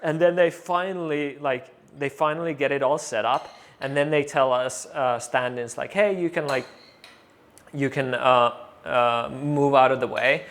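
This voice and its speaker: A man as an interview guest, telling a story casually, animated and full of fillers, acting out what others said. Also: medium pitch, measured pace. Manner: animated, acts out quoted voices, many fillers.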